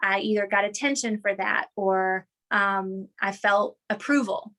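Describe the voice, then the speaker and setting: A woman explaining an idea in an interview, animated and teacherly, often checking in with "right?" and "okay". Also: mid-range voice, unhurried.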